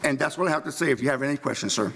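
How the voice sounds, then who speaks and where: A man's voice: mid-range voice, very fast, fairly bright tone, breathy edge. A man with a New York accent making an impassioned public comment at a county meeting, emphatic and quoting scripture. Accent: New York City. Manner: emphatic, quotes scripture, restarts often. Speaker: resident speaking at public comment. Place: county commission meeting room.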